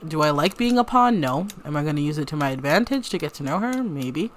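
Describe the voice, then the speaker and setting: Woman doing a smooth-talking young guy sim. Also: low voice, expressive, a little fast, slight background noise. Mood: smitten.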